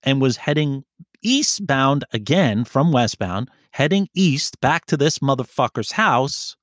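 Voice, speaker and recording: A man's voice: medium pitch, lively intonation, unhurried, a bit bright, no room sound, clean studio sound. A man telling a rambling, profane story in casual chat. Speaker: podcast co-host telling a story.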